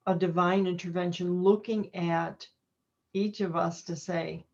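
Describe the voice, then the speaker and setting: A woman's voice: lowish voice, fairly even intonation, unhurried, darkish tone, highs cut off. A woman hosting an online interview, encouraging her guest with frequent affirmations and reflective remarks. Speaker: interview host. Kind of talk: casual interview chat. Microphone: video call.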